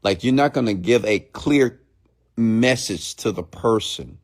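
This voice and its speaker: A man coaching his live-stream audience, speaking slowly and deliberately and often checking in with them. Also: lowish voice, expressive. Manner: slow, deliberate speech with long pauses, often checking in with the audience; mimics fast rambling talk to show the contrast.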